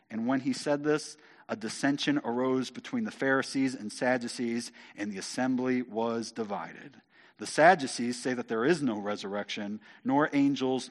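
Speaking in a mid-range voice, this man reads passages of scripture and unpacks them conversationally and energetically as a Bible teacher, stumbling and repeating words often along the way.

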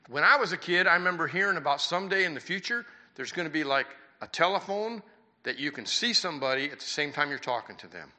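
A man's voice: on the high side, bright, forceful tone. An older man in his sixties preaching a sermon in church, folksy and conversational, with rhetorical questions to the congregation. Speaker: pastor.

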